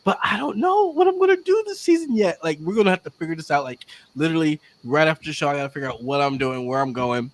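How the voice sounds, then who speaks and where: A woman's voice: sits low, fast talker, few pauses. A woman podcast guest who tells a story with energy, acting out the voices of the people in it. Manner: acts out quotes, lively and exclamatory. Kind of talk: animated storytelling.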